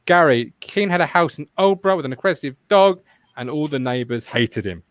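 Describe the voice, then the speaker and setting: A man hosts a live football fan podcast, talking in a loose, rambling way with plenty of swearing. His pitch sits a little high and swings widely. The sound is dry and close, with no room echo. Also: fairly quick. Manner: animated, swears freely, rambling asides. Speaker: podcast host. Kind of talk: casual football podcast chat.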